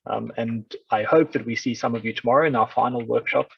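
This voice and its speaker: A man's voice: mid-range voice, steady tone, a little fast, vocal fry, slightly rough, no echo. A man hosting an online workshop, wrapping up and thanking participants in a friendly way over a video call. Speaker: workshop host. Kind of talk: online meeting facilitation. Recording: distant, dull, dry video call audio.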